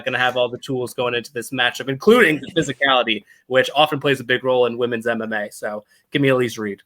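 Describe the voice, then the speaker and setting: Man, bright tense voice, podcast co-host, measured fight analysis, dry humor. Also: mid-range voice.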